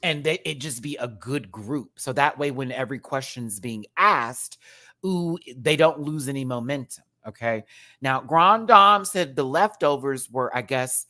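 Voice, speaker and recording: A man reviews a show in a sassy, rant-style way. He laughs often, swings his voice up and down, and slips into mock voices. He sits at a mid-range pitch for a man. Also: unhurried, bright, forceful tone.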